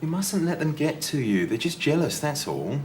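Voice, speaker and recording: A man's voice: on the high side, sing-song, normal speed. An actor playing a brash, possessive man in a 1990s TV soap, confrontational and mocking. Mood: soothing. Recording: roomy old TV clip with hiss.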